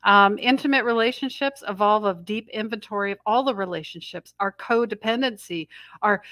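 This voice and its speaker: A woman's voice: medium pitch, normal speed, fairly bright tone, no echo, studio quality. A middle-aged woman hosting a live spiritual energy update, rambling and breaking off mid-sentence as she passes on messages she says she hears. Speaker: intuitive astrology host.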